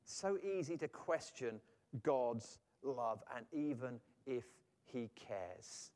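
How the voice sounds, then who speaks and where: Animated male preacher in a reverberant hall. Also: medium pitch, takes it slowly. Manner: animated, acts out quoted voices. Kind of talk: sermon.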